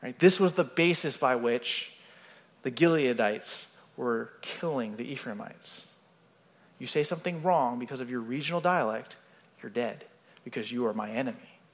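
A man's voice: mid-range voice, moderate pace. Man preaching in a reverberant hall. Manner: conversational, asks "right?" often. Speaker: pastor. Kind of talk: expository sermon.

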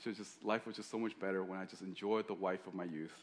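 A man's voice: low-pitched, steady tone, quick pace, slight background noise, pitched below the performer's own voice, lightly acted. A man doing a regretful old king. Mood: musing. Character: old king with many wives, regretful and musing.

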